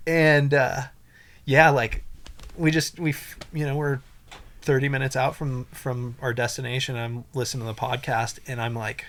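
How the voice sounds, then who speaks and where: A man's voice: medium pitch, steady tone, normal speed, a bit bright. A young man, a podcast guest, telling a story in a casual, rambling and emotional way, full of fillers and restarts.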